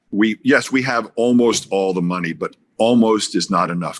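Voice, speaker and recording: Low-voiced guy telling a story on a podcast, animated, voice swinging up and down as he acts out bits. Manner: animated storyteller with big pitch swings and acted-out quotes. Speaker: guest broadcaster.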